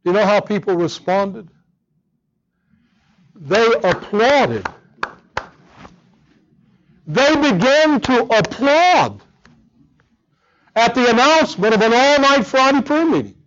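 A man's voice: very high-pitched, expressive, takes it slowly, pauses often, fairly bright tone, muffled recording. A man preaching a sermon, earnest and emphatic, often repeating words as he drives a point home. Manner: earnest, emphatic, with frequent repetitions.

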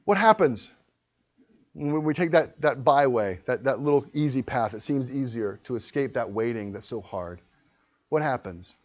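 Male pastor, fervent sermon delivery, lively pitch swings, muffled lo-fi recording. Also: moderate pace. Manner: impassioned, swings from hushed to loud.

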